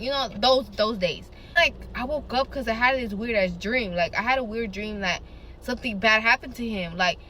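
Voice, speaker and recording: A woman with a bright, sharp, fairly high voice tells a get-ready-with-me storytime. She's animated and dramatic, swearing freely as she goes. There's a faint hum of noise behind her.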